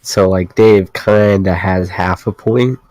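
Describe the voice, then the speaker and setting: A man's voice: low-pitched, fairly even intonation, slow pace, a little mellow, no room sound, low-quality recording. A male podcast co-host chatting casually and rambling, with plenty of "like" fillers. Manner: rambling, full of "like". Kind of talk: casual chat.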